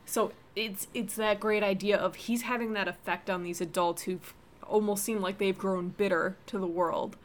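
A woman talking in an easy, casual way about an old film, her voice mid-pitched. She sounds thoughtful and builds on her co-host's points. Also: steady tone, moderate pace, slight background noise. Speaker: podcast co-host. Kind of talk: casual movie review chat.

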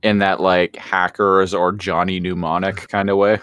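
A man's voice: low-pitched, little pitch movement, moderate pace, fairly bright tone, smooth, no room sound. A man co-hosting a podcast, casually recapping scenes with dry quips. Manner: laid-back, dry quips. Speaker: podcast co-host.

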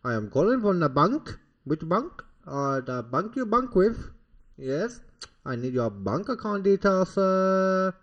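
A man's voice: high voice, very animated, slow, voice pushed up, full character voice. A man playing an insistent, overly polite phone scammer asking for bank details. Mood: pushy. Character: pushy male phone scammer. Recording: slightly muffled podcast audio.

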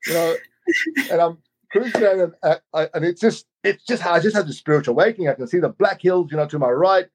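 A man with a slightly higher voice recounts a personal journey in an animated, chatty way. He keeps saying "you know" and slips into other people's voices as he tells it. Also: fast, slight background noise. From Australia. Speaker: storyteller. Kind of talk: personal storytelling.

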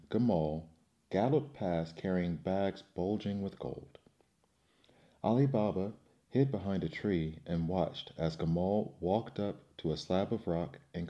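A man narrating storybook fairy tales in a steady scripted reading. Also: low-pitched. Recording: dull lo-fi recording.

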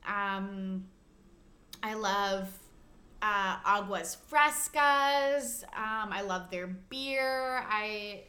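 A woman's voice: mid-range voice, drawn-out words, sharp tone. A young woman co-hosting a podcast, chatting casually and enthusiastically, swearing freely and using lots of fillers. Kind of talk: casual chat.

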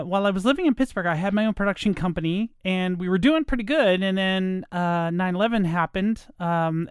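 A woman's voice: lowish voice, clean tone, no echo, clean studio sound. A middle-aged woman from Virginia hosting a podcast, chatting casually in a self-deprecating, rambling way. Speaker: podcast host, former radio voiceover artist. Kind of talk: casual chat.

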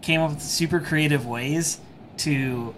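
A man co-hosting a podcast in casual chat, rambling and animated, with many fillers. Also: on the high side, measured pace, slight background noise. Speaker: podcast co-host.

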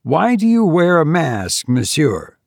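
Male reader voicing a nervous, polite young swordsman; storybook. Slow, slightly gravelly, dry. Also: mid-range voice, expressive, dry recording. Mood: uneasy. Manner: polite archaic phrasing, a little raised.

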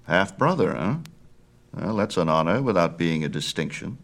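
A man's voice: low voice, animated, normal speed, gravelly, fairly bright tone, full character voice. A male reader voicing a proud, imperious sun god in a storybook myth, speaking with lofty disdain. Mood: haughty. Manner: haughty, imperious. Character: haughty, grand sun god, young man.

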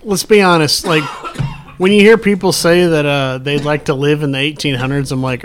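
A man's voice: on the high side, fairly even intonation, normal speed. A man in his mid-thirties chatting as a podcast co-host, emphatic and swearing freely. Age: 30s. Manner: emphatic, profane. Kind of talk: casual chat.

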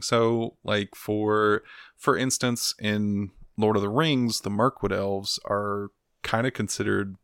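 A man co-hosting a casual podcast chat, animated and quick to laugh. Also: on the low side, clean tone, no room sound, clean studio sound. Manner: animated, laughs often, slips into silly voices. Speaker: podcast co-host.

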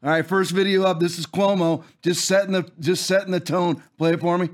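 Male host in his forties, high voice, preachy and forceful, repeats lines for emphasis. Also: level tone, a little fast. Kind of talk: fiery political commentary with scripture.

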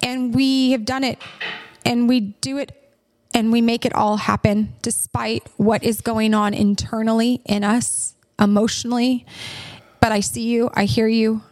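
A woman's voice: on the high side, level tone, unhurried, a little mellow. A woman hosting a podcast and speaking to listeners in a tender, reassuring, emotional way. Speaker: podcast host and coach. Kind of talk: heartfelt podcast monologue.

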